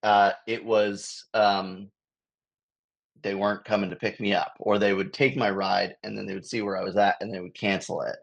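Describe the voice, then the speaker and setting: A man's voice: fairly low pitch, little pitch movement, normal speed, vocal fry, lo-fi sound. An American man from Los Angeles, a touring comedian, telling a rambling story on a video call, chuckling often. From Los Angeles, USA. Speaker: guest, touring improv comedian. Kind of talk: casual storytelling.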